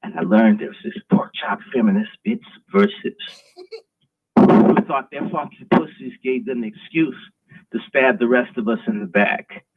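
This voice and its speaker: A man's voice: medium pitch, animated, normal speed, husky. A man hosting a live stream, delivering an emphatic, preachy, provocative monologue. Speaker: host. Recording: tinny phone-like line.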